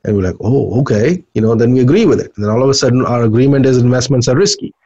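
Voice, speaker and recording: A man's voice: mid-range voice, fairly even intonation, rapid-fire, dark tone. Casual motivational man, muffled sound. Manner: conversational, frequent "you know" and "right?" fillers. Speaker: podcast host.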